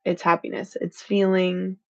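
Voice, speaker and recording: Fairly low-pitched and flat in delivery, she speaks a little slowly over dull audio. She's the host of a motivational live stream, heartfelt, emotional, and earnest, and she leans on the word "freaking" for emphasis.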